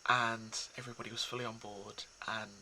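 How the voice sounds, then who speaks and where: A man talking casually and reflectively to his viewers, soft and hesitant, with many pauses and restarts. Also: mid-range voice, flat delivery, vocal fry, slight background noise, low-quality recording. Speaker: poetry reader.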